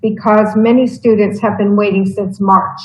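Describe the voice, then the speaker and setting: Woman, board member, halting and filler-heavy speech, roomy echoey sound. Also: mid-range voice, flat delivery. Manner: hesitant, stammering, many ums. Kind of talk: board meeting questions.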